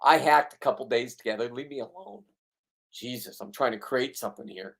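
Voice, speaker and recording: A man's voice: medium pitch, a little fast, gravelly, very noisy. Profane, ranting fishing vlogger man. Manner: blunt, profane, ranting, boastful. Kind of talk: casual voice-over narration of his own video.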